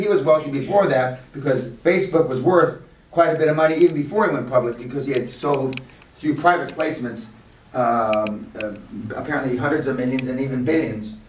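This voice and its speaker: A man's voice: mid-range voice, a little hiss or hum. A man in his sixties giving a live business seminar to a room of listeners, blunt and rambling as he talks. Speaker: seminar speaker. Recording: echoey room, mic from far off.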